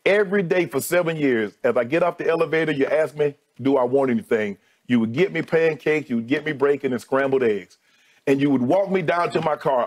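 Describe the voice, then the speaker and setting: A middle-aged man, a TV sports debate co-host, giving an emotional on-air farewell and thanking his colleagues one by one, his voice sinking low as he speaks. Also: fairly quick.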